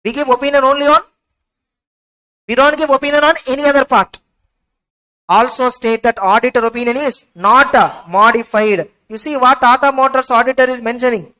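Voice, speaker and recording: A woman's voice: high voice, fairly even intonation, fairly quick, bright, forceful tone, low-quality recording. A woman runs through an exam revision lecture. She asks the class rhetorical questions and answers them herself, repeating key words for emphasis. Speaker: accounting exam tutor.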